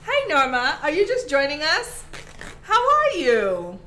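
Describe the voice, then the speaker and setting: A woman's voice: high-pitched, huge pitch swings, a little slow, bright, forceful tone, slight background noise. A woman with a Caribbean accent hosting a live craft tutorial, chatty and affectionate with her viewers. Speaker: craft host.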